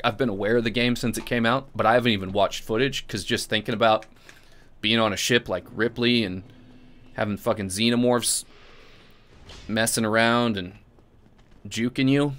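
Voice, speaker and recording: A man hosting gameplay commentary with a bright, forceful tone. He rambles through chatty asides and keeps breaking into profane, excitable outbursts at the game. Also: fairly low pitch. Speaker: gaming channel host.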